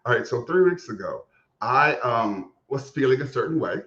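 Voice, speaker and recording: A man co-hosting a casual podcast, telling an embarrassing story in a sassy, animated way with swearing. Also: mid-range voice, moderate pace, echoey room, lo-fi sound. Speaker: podcast co-host. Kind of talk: casual chat, comic storytelling.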